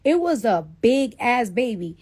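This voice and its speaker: A woman's voice: fairly high pitch, sing-song, a little slow, a little mellow. Blunt, profane woman telling a story. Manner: blunt, profane, many fillers. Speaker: celebrity on a livestream. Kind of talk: casual storytelling.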